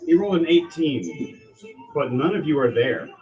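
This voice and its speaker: A man narrating as game master for a tabletop game, dramatic and animated. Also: on the high side, moderate pace, muffled recording, faint music behind.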